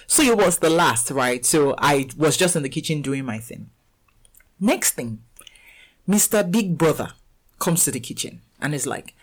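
A woman's voice: low voice, unhurried, poor audio. A woman in her thirties with a Nigerian accent, hosting a casual podcast and telling stories with lots of laughter and acted-out dialogue. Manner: animated storyteller, laughs often, acts out dialogue. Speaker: podcast host and fitness coach.

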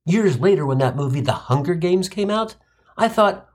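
A man's voice: sits high, animated, normal speed, darkish tone. A man telling a comic monologue, wisecracking and sardonic, sprinkling in Yiddish. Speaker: comedic storyteller.

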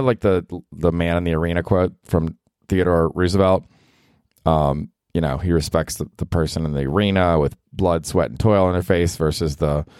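In a clean studio recording with no room sound, a man in his forties from the US South hosts a solo podcast. His low voice is slightly mellow, and he chats casually, rambling, swearing, and laughing a lot.

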